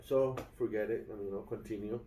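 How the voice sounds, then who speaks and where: A man's voice: fairly low pitch, fairly even intonation, fairly quick, dark tone, recorded from a distance, a little hiss or hum. Rambling man venting in a roomy hotel room. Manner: rambling, frequent fillers and restarts, addresses viewers as guys. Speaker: vlogger. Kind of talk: casual vlog complaint.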